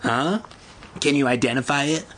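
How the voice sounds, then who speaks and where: A man voicing a smug, bullying schoolboy who talks in a slow, taunting way. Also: mid-range voice, a bit bright, a little hiss or hum, lightly acted. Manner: taunting, drawn-out.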